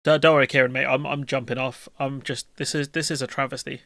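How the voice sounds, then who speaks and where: A man's voice: medium pitch, little pitch movement, fast talker, creaky, a bit bright, no room sound, studio quality. A man, hosting a live stream and chatting casually with his viewers in a jokey, rambling, slangy way.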